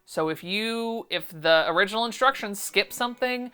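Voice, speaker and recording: A woman hosting a casual vlog, reviewing sewing patterns in a sarcastic, exasperated, animated way. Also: medium pitch, normal speed, clean tone.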